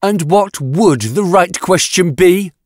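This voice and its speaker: A man's voice: a little high, lively intonation, measured pace, no echo, clean studio sound, pitched above the performer's own voice. A male audiobook narrator voicing a volatile, scornful woman scientist who screams and snaps harshly. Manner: shrieking, harsh, exasperated.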